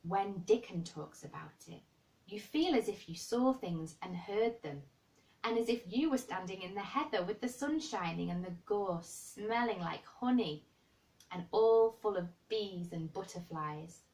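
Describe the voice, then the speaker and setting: A woman's voice: mid-range voice, lively intonation, a little slow, darkish tone, distant mic, poor audio. A woman reading aloud, voicing a bold, obstinate young girl. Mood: earnest. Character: blunt, stubborn young girl.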